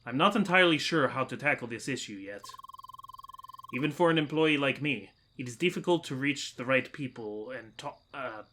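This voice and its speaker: A man voicing an earnest, formal male researcher from a video game, with a half-dropped attempt at a Russian accent and careful, measured phrasing. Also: medium pitch, animated, bright, forceful tone, slight background noise. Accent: attempted Russian, mostly dropped. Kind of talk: reading game dialogue aloud.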